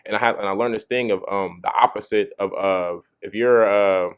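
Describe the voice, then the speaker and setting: A man's voice: fairly low pitch, fairly even intonation, moderate pace, clean tone. A young man giving a casual motivational talk to camera, often saying "you know what I'm saying" and restarting his sentences. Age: young adult. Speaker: motivational video host.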